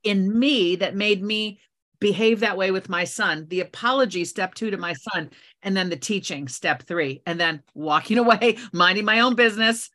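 A middle-aged woman, a guest author on a podcast, telling a personal story in an animated, lively way. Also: mid-range voice, normal speed.

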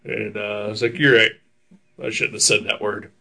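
A man's voice: lowish voice, flat delivery, a little fast, creaky, bright, forceful tone. A young man telling a long story on a casual talk show, rambling with many fillers, laughing often and swearing freely. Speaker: podcast co-host telling a story. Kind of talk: casual chat.

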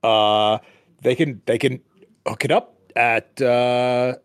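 A man's voice: mid-range voice, fairly even intonation, slow, smooth, dry recording. A man running a tabletop roleplaying game as its game master. He talks with lots of ums and restarts and laughs often, in a dry, close recording with no room sound. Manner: hesitant, lots of fillers and laughs.

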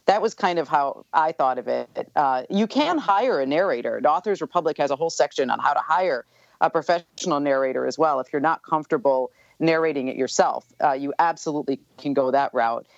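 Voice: mid-range voice, a little fast, vocal fry, dry recording, lo-fi sound. An author being interviewed, talking casually and chattily with many fillers. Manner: chatty, full of "you know" fillers. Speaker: author and guest.

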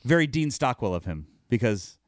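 A man's voice: medium pitch, sing-song, moderate pace, dry recording. Guy cohosting a podcast, jokey, voice jumps around a lot, dry close mic. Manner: joking, laughs often, swears. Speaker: podcast co-host. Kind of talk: casual chat.

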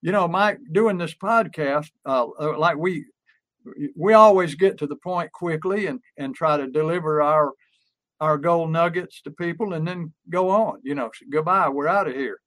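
A man's voice: on the high side, moderate pace, a bit bright. An older man, co-hosting a podcast and telling folksy sales stories with fillers and restarts. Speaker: podcast co-host, pest control sales coach. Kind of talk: casual podcast talk.

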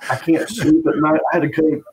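A man's voice: a little high, steady tone, fairly quick, noisy background, voice pushed up, natural voice. A man voicing his furious Western-type roommate in an angry, profane rant on a voicemail.

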